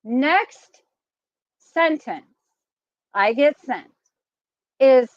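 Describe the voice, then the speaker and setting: A woman's voice: high voice, expressive, drawn-out words, no room sound, dull audio. A middle-aged woman hosting a vlog, chatting casually and laughing often as she tells a story. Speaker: vlogger host.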